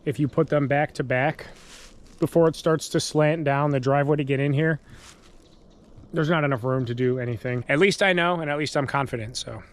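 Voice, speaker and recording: A man's voice: fairly high pitch, fairly quick. A man filming a casual camping vlog, talking loosely with lots of fillers, outdoors and then from his truck. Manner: rambling, frequent fillers, grows hushed and frightened. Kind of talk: casual vlog talk to camera. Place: outdoors in wooded lot, later inside truck.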